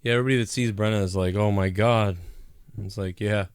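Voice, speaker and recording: Male stream host, low-ish smooth voice, rambling casual delivery, dry sound. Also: fairly even intonation, quick pace, dry recording. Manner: rambling, laughs often, repeats himself. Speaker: host of a live call-in show. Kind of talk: casual live-stream chat.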